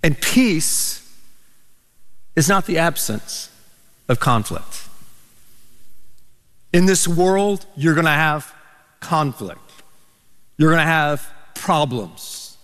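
A pastor preaching a sermon, telling stories with animated, emphatic delivery. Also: male voice, a little high, takes it slowly, long pauses. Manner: animated storytelling, rising to emphatic peaks. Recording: reverberant church hall.

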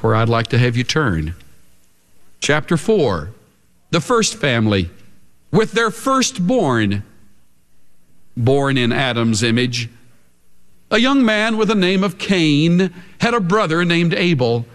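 A man preaching a sermon, emphatic, with big swings between high and low. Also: big pitch swings, slow pace, pauses often. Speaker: pastor. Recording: long reverb of a large hall.

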